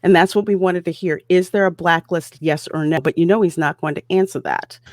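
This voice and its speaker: A woman's voice: lowish voice, fairly even intonation, brisk, no room sound, clean studio sound. A woman panelist giving emphatic, exasperated commentary in a casual online roundtable.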